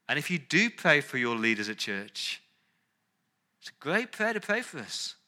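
A male pastor preaching an earnest sermon, dropping into soft, pleading tones when he voices prayers. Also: a little high, big pitch swings, normal speed.

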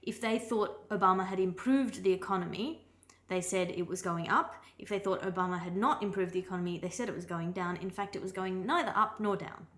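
A woman's voice: medium pitch, fairly quick, a bit bright. A woman co-hosting a podcast in a house, talking in a dry, wry way. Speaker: podcast co-host. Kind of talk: casual chat.

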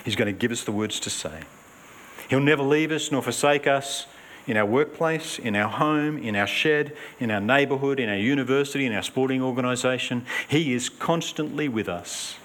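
A man preaching a sermon in an earnest, emphatic way, swinging between raised urgency and hushed emphasis. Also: medium pitch, moderate pace, slight background noise.

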